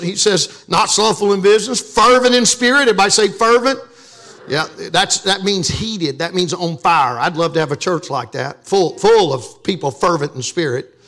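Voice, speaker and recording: A man's voice: sits high, bright, forceful tone. A man from Louisiana preaching a sermon as pastor, joking and calling on the congregation to respond. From Louisiana, USA.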